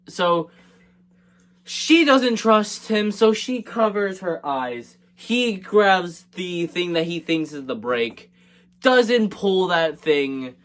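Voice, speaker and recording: A man's voice: high-pitched, a bit bright. A man casually recapping a movie in a rambling, joking way, with frequent hesitations and fillers. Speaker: movie reviewer.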